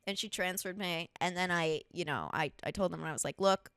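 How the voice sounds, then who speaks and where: A young adult woman hosting a podcast, telling stories in casual comedic chat, animated and profane, acting out what people said. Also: on the low side, a little fast, clear, resonant tone, no room sound, studio quality. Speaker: podcast host.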